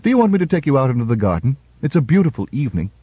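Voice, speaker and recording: A man reading aloud and voicing a smooth, self-assured male lawyer-politician with a wry, gently teasing manner. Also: mid-range voice, big pitch swings, rapid-fire, dry recording, pitched above the performer's own voice. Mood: warm. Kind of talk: radio story reading. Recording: dull, dry radio recording.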